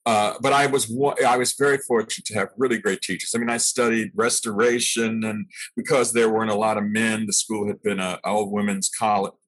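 An older man with a low, husky voice tells stories from his early theater years at an easy, reflective pace. He chuckles at himself now and then as he looks back. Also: level tone, brisk, a bit bright, rough recording. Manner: reflective, anecdotal, laughs at himself. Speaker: interview guest, actor. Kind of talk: storytelling in an interview.

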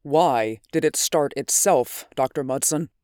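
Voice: medium pitch, unhurried, a little mellow, dry recording, clean studio sound, natural voice. A reader voicing a nervous, hesitant young man in a story. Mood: uneasy. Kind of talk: audiobook character voice.

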